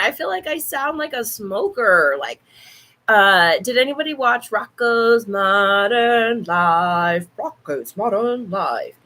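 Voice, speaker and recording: A woman's voice: on the high side, animated, slow pace, sharp tone, rough recording. A woman hosting a casual livestream from home into a laptop mic, playful and laughing often, swearing freely. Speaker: online show host. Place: home room.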